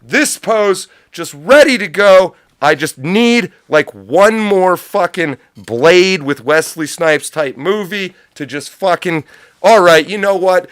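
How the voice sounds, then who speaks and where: A man's voice: high voice, big pitch swings, takes it slowly, a bit bright, clean tone, no echo, studio quality. Profane ranting livestream host, man. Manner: profane, sarcastic, rambling. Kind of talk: unscripted livestream rant.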